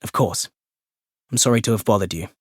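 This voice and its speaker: A man's voice: on the low side, brisk, breathy edge, no room sound, studio quality. Man reading a courteous, slightly unsure young Englishman, audiobook. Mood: polite. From England. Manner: polite, apologetic. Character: polite young Englishman new in town.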